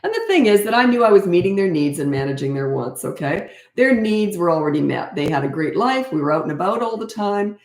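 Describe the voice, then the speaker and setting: A woman's voice: on the low side, big pitch swings, fairly quick, few pauses, a little mellow. A frank, chatty middle-aged woman answering parenting questions in a casual live stream. She laughs often and speaks into a webcam. The room sounds echoey. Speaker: parenting coach.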